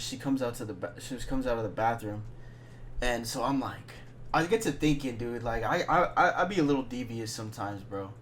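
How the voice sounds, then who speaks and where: A young man telling a rambling, slang-filled story in a casual monologue, dropping to a hush when he quotes his friend. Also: medium pitch, slight background noise. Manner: slangy, rambling, drops to hushed tones when quoting.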